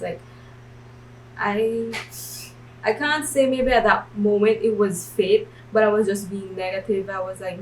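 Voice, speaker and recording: A woman's voice: mid-range voice, fairly even intonation, unhurried, recorded from a distance, slight background noise, poor audio. Woman in her twenties giving testimony. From Belize. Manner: hesitant, many fillers and restarts. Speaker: church member giving testimony. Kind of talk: personal faith testimony.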